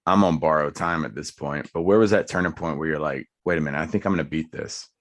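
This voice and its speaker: A man's voice: very deep voice, fast. A man hosting a podcast, asking thoughtful, rambling questions. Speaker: podcast host. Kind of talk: interview questions.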